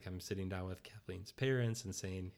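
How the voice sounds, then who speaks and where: Chatty man with a low voice. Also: moderate pace, creaky, darkish tone. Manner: chatty, many fillers like "like", acts out quoted dialogue. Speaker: interview guest. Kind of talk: casual storytelling conversation.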